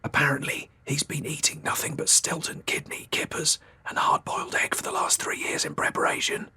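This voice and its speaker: A man voicing an eager wife whispering to her husband during a show, in a breathy, hushed voice, as whispered role-play. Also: on the high side, level tone, fairly quick, voice pushed up, exaggerated voice.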